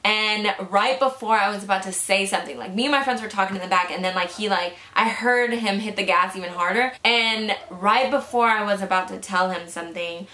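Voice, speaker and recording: A young woman tells a storytime tale to her camera in a bright, forceful voice, swearing freely and saying "like" constantly. The room rings with a noticeable echo. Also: mid-range voice, brisk, few pauses. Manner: chatty, swears freely, many "like" fillers. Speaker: vlogger. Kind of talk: casual storytime narration. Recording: echoey room.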